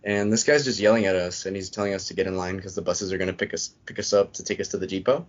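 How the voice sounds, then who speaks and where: Low-voiced man telling a rambling story. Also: fast. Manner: rambling, animated retelling with many "I'm like" asides. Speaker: podcast guest, Marine veteran. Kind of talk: casual storytelling interview. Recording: dull lo-fi podcast audio.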